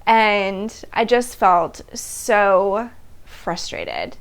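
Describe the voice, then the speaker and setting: A woman in her thirties hosting a personal storytelling monologue, animated and laughing between phrases as she acts out her past reactions. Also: mid-range voice, very slow, over music. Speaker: host.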